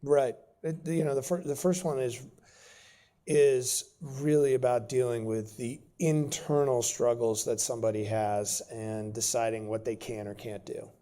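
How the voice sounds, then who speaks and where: A man speaking as a guest, telling an animated, anecdotal story. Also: medium pitch, measured pace. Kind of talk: storytelling talk.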